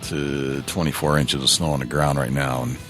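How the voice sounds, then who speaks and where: Really deep-voiced guy hosting a chill podcast, rambly, restarts a lot, faint music behind. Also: flat delivery, moderate pace, a bit bright. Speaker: podcast host. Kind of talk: casual podcast chat. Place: home studio.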